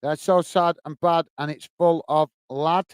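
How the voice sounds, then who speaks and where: High-voiced chatty English man. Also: steady tone, a little slow, smooth, dry recording. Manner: chatty, apologetic, says mate often. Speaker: host reading live chat. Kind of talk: casual live-stream chat.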